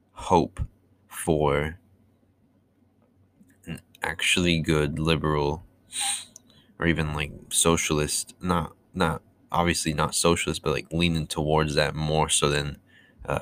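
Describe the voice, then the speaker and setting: Young male vlogger, unhurried audio-diary delivery, sarcastic and full of fillers. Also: extremely low pitch, a bit bright. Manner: rambling, sarcastic, many fillers and restarts.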